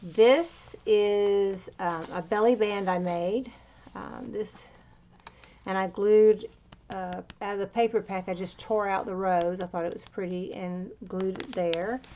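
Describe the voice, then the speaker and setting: A woman's voice: medium pitch, steady tone, takes it slowly, mellow, a little hiss or hum. A woman chatting casually as she pages through a handmade journal, rambling a little and slightly out of breath. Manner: chatty, meandering, with fillers. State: a bit out of breath. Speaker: crafter showing a handmade journal. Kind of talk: casual walkthrough.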